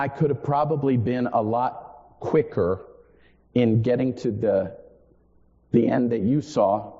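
Slow-preaching man in an echoing hall. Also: mid-range voice, dark tone. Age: 40s. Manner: earnest, repeats phrases for emphasis, self-deprecating asides. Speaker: pastor. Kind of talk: sermon. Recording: dull sound in a long-reverb hall.

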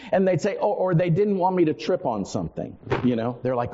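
This man in his forties, a pastor, delivers his sermon in a high, animated, warm voice at a moderate pace with few pauses. He's earnest, repeats key phrases for emphasis, and adds self-deprecating remarks, heard dully in a long-reverb hall.

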